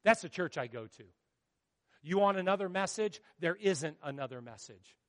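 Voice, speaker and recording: A male pastor preaching a sermon, swinging from hushed storytelling to loud, dramatic outbursts. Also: high voice, animated, normal speed, long reverb tail.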